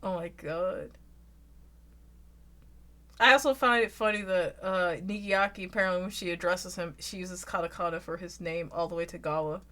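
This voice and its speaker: Loud southern girl streamer rambling to chat, swears a lot, bright sharp voice. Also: normal speed. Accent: American Southern. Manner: loud, rambling, swears freely, bursts into shrill laughs. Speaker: VTuber streamer.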